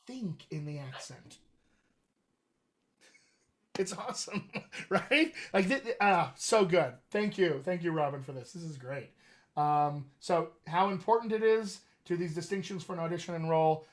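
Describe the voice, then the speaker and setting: A man's voice: a little high, a little slow. A man hosting a live accent Q&A as a dialect coach, teaching with emphatic enthusiasm. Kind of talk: live Q&A session.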